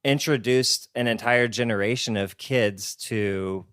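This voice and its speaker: A man's voice: mid-range voice, unhurried, a bit bright, clear, resonant tone, dry recording, clean studio sound. A man in his thirties co-hosting a podcast, telling a story in a rambling, enthusiastic way. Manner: rambling, enthusiastic, restarts words. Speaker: podcast co-host. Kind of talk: casual chat.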